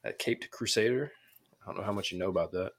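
A man co-hosting a casual podcast, chatting in a relaxed, rambling way about shows and trailers. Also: sits low, fast, vocal fry. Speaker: podcast co-host.

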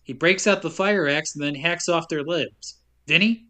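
Podcast co-host, male, slightly high voice, wry and chuckly recapping a film. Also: normal speed, bright, forceful tone. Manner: wry, laughing while telling the plot. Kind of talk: casual chat, recapping the plot.

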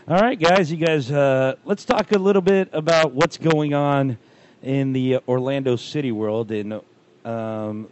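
A man hosting a casual sports podcast with friends, upbeat and running the show with quick greetings. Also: medium pitch, a little mellow, lo-fi sound. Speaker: podcast host.

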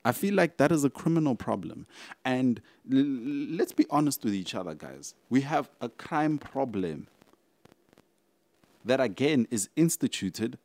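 A man's voice: mid-range voice, big pitch swings, a little slow, a little mellow, no echo. A young South African man hosting a casual solo podcast, rambling and talking straight to his listeners. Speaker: podcast host.

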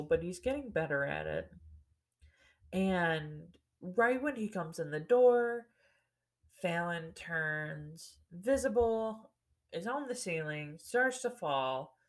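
Brief: woman podcaster, casual storyteller, slightly low pitch, loose and profane delivery. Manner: rambling and profane, with loose fillers and restarts. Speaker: podcast host.

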